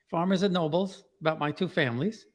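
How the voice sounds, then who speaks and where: Recorded in a large hall, a man with a voice on the high side chats as an interview guest. Originally from Queens, New York, and speaking with that accent, he writes about genealogy and hosts a podcast. His talk is loose and repetitive, punctuated by frequent laughter.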